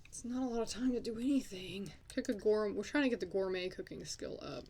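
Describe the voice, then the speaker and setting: A woman's voice: medium pitch, fairly quick, warm tone, a little hiss or hum. A young woman hosting a casual game commentary, chatting and swearing at her characters as she plays. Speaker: let's play host.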